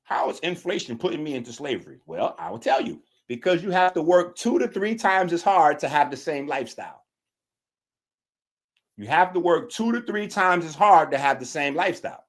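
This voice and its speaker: A man's voice: a little high, big pitch swings, normal speed. A man hosting a show, giving a mocking, preachy commentary on a clip he has just played. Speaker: show host.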